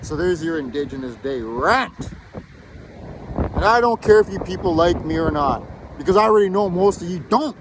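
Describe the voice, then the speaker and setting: A man's voice: high-pitched, animated, moderate pace, noisy background. A man from Canada delivering a heated, profane, defiant rant to camera outdoors. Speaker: video blogger. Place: outdoors in a built-up area.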